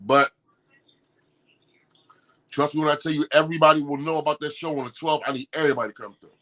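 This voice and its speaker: Animated slangy male podcast host. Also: fairly high pitch. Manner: animated, laughing, slangy, repeats himself. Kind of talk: casual morning show chat.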